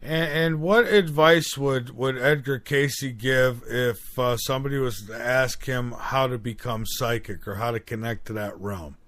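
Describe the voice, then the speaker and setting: Male host interviewer, mid pitch, dry close sound, halting delivery. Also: fairly bright tone, no echo. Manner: halting, restarts his questions. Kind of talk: casual interview questions.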